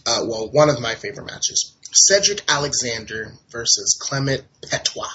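A man chatting on a wrestling podcast, telling match stories with lots of swing in his pitch. His voice is bright and forward. The audio is dull and lo-fi. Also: normal speed, slight background noise. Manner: animated, laughing, does mock voices in quotes. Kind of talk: casual chat recapping matches.

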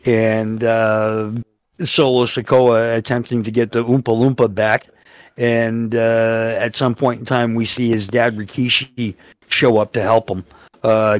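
A man's voice: medium pitch, dry recording. Laid-back male podcast host. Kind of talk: casual podcast chat.

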